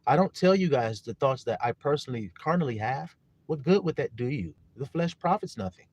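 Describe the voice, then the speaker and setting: A man preaching a sermon, reading scripture loudly and turning quiet for personal stories, often asking his listeners if they see. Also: mid-range voice, animated, a little fast, no echo. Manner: casual, blunt preaching with mild swearing.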